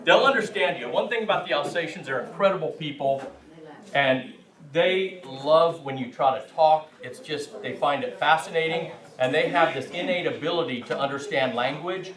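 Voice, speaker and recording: A man's voice: on the high side, normal speed, a bit bright. Man leading a class in a hall. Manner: friendly, laughs with the group. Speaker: language class leader. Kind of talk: classroom teaching. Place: large echoey meeting hall. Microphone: distant room mic. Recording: echoey hall from far off.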